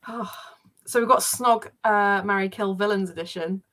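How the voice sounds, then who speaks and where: A woman co-hosting a casual online film chat, chatty and quick to laugh. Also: mid-range voice, fairly even intonation, fairly bright tone. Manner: chatty, laughs often, acts out quotes. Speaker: co-host.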